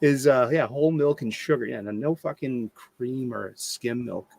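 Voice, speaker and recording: A man's voice: medium pitch, moderate pace, gravelly, darkish tone, no room sound. A man from the area, swearing freely as he tells jokey stories in a casual chat. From Boston area. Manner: joking, profane storyteller.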